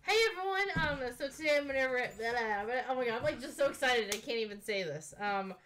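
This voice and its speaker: A woman hosting a reaction video, talking casually in a gushing, excitable way with lots of fillers. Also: a little high, fast talker, slight background noise. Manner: gushing and excitable, full of "oh my god" and "like".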